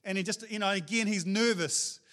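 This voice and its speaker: High-voiced, animated New pastor. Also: male voice, moderate pace. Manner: casual, animated storytelling with slang. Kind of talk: sermon.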